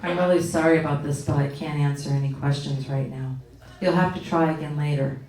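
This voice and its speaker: A woman voicing a female phone voice assistant, in a flat, monotone, fake-sorry way. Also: deep voice, fairly quick, voice pushed down, lightly acted. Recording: roomy, from far off.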